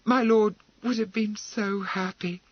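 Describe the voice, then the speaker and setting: Fluttery gentle young widow, voiced by a man, high and breathy, lively. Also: a little slow, no room sound, highs cut off. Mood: flustered. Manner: fluttery, anxious, tender.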